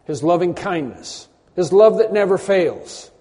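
A man preaching a conversational sermon, often clearing his throat and repeating words. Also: sits high, lively intonation, unhurried, warm tone. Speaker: pastor. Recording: long hall reverb.

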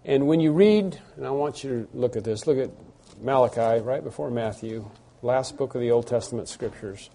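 A pastor preaches an expository sermon in a warm, medium-pitched voice with vocal fry, at a moderate pace with slight background noise. He reads scripture aloud and explains it with earnest emphasis, full of hesitant restarts and asides.

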